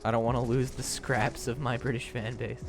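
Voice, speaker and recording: A man's voice: flat delivery, moderate pace, music in the background. A man streaming live, chatting with his viewers in a rambling, giggly way. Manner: giggly, rambling, breaks into high laughing shrieks. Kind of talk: casual live-stream chat.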